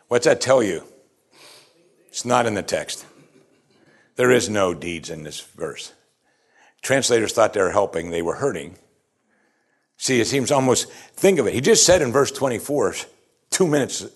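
A man preaching a sermon, emphatic and animated, asking his listeners rhetorical questions. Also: lowish voice, breathy edge. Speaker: pastor.

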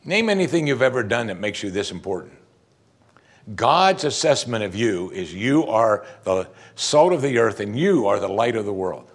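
A man's voice: on the low side, big pitch swings, moderate pace. A man preaching a sermon as pastor, emphatic, using rhetorical questions and musing hums between points.

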